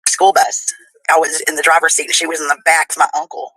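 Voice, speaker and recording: A woman with a husky voice tells a rambling personal story in a played clip, laughing as she goes. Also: low-pitched, flat delivery, fast talker, bright, forceful tone, no room sound, poor audio.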